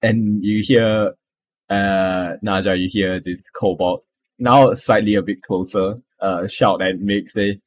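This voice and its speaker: A man narrating as game master of a tabletop game, halting and laughing often. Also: on the low side, steady tone.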